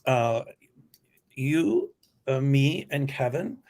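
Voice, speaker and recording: A man's voice: mid-range voice, expressive, drawn-out words, darkish tone. A man hosting a casual live stream, joking and self-deprecating as he chats with his guest. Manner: jokey, self-deprecating, chatty. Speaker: host.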